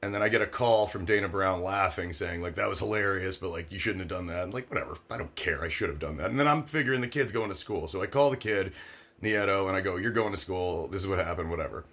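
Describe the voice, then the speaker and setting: A man's voice: low voice, fast talker. A man in his thirties, a former sports agent, telling a story from his career in a brash, sarcastic, casual way. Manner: brash, sarcastic, animated when quoting others.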